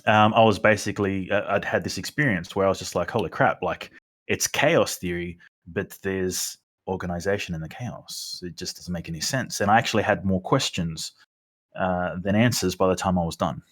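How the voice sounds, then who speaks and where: A man with a lowish voice chats casually on a podcast. He rambles through his story, full of "you know" and restarts. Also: normal speed, fairly bright tone. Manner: rambling, filler-heavy storytelling. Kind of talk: casual chat.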